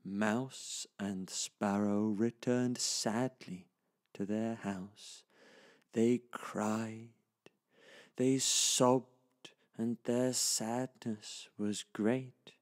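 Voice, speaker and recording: A man telling a traditional children's story in a slow, lively, sing-song way. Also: fairly low pitch.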